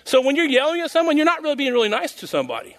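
High-voiced folksy man preaching. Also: very animated, rapid-fire. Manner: rambling, folksy, chuckles at own jokes. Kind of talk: informal sermon.

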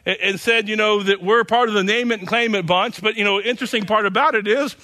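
A man's voice: high voice, brisk, bright, forceful tone. A man preaching a sermon as pastor, emphatic and repetitive, often tossing in "you know".

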